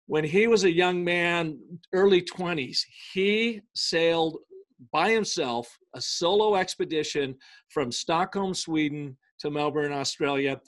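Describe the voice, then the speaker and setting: A man, a guest in an interview, tells an anecdote in an energetic, emphatic way, with quick bursts and slow stresses, and he acts out the dialogue. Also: a little high. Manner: acts out quoted speech in dialogue. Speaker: business storytelling consultant, guest. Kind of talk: conversational interview, telling an anecdote.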